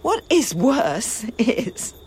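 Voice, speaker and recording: A woman playing a grieving, defiant young princess in a classical drama, with a breathy voice and impassioned lament. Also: a little high, big pitch swings, a little mellow, a little hiss or hum, full character voice. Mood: bitter. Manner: impassioned lament, slow and swinging.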